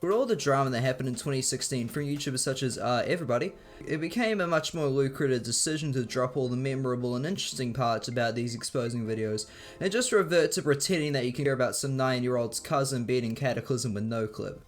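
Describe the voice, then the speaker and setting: A man's voice: medium pitch, fast talker, faint music behind. Sarcastic, foul-mouthed young male commentator. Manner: sarcastic and profane. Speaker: video commentator. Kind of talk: scripted commentary narration.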